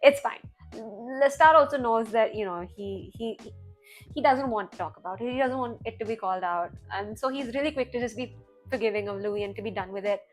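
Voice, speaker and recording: A woman's voice: on the high side, brisk, faint music behind. A woman hosting a TV reaction video, recapping an episode in casual, chatty commentary full of "like" and "you know". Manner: chatty, heavy on "like" and "you know", animated retelling. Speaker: TV reaction channel host.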